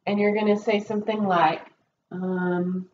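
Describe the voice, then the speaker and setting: A woman's voice: mid-range voice, level tone, measured pace. A woman teacher in a classroom, patiently walking her students through a test with many ums and okays. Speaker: Spanish teacher. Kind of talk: recorded test review lesson. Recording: dull roomy recording with faint noise.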